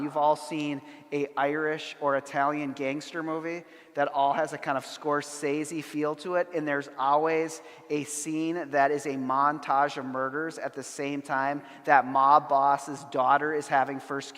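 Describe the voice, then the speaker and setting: A middle-aged man speaking from the front of a large church, his voice sitting a little high for a man. He tells stories with dry humor and acts out the people he quotes. A long reverb trails every phrase. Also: a bit bright. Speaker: conference speaker. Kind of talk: plenary lecture with storytelling.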